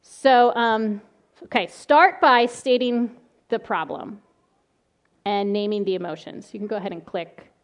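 A middle-aged woman giving a talk on calming angry children, telling lively stories from her own family and work, often laughing and acting out the children's voices. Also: mid-range voice, measured pace. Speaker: child behavior specialist giving a parenting talk. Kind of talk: presentation with slides.

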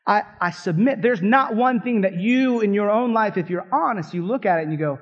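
A high-voiced man preaches a sermon with fired-up, conversational energy and quick asides to his listeners. The recording sounds a little dull and muffled. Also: animated. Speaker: pastor.

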